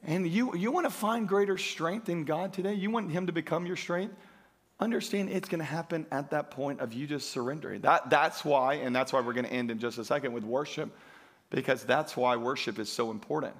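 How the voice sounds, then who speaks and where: A pastor preaches a sermon to his congregation in a church sanctuary, emphatic and driving, calling out for praise in call-and-response. His voice is fairly high, a bit bright, and he speaks fairly quickly.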